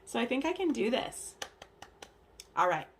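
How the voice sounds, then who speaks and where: With the camera hanging from a shower curtain in her home bathroom, a woman talks books in a loose, chatty way, full of "like" and "um," and performs the characters' dialogue. Her voice is fairly high and very animated, a little slow, with a bit of hiss or hum.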